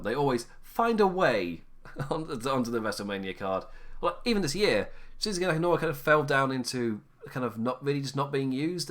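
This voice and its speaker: A man's voice: medium pitch, a bit bright. A tired man chatting on his own, rambling, often laughing and correcting himself. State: tired, low energy. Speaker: podcast host. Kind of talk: casual solo wrestling chat.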